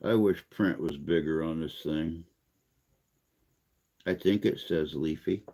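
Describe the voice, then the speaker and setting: A man's voice: a bass voice, slow, mellow. An older man hosting a casual livestream chat, reading viewer comments aloud in a rambling, self-deprecating way.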